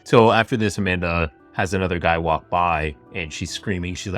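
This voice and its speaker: Faint music plays behind a low-voiced man who hosts a podcast at a normal pace. Using a camera-facing mic setup, he narrates a true crime story casually, dropping "like" and asides throughout.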